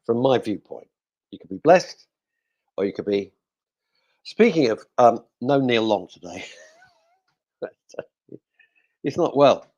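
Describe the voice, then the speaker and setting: A man's voice: medium pitch, expressive, slow pace, long pauses, a little mellow, highs cut off. A male radio host chatting casually in a studio, cracking jokes and reading out listener messages. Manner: jokey, rambling, talks to himself.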